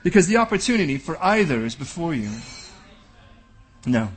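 A male pastor preaches with a high, husky voice that swoops up and down with lively emphasis. He speaks boldly and directly, often slipping into acted-out exchanges to drive a point home. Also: normal speed, pauses often. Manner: bold, direct preaching that acts out dialogues. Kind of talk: sermon.

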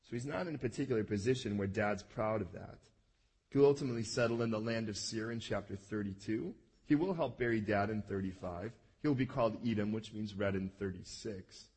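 A man's voice: on the low side, darkish tone, husky. A man preaching a sermon in a conversational way, often checking that his listeners follow and acting out the lines of the people he talks about. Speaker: pastor.

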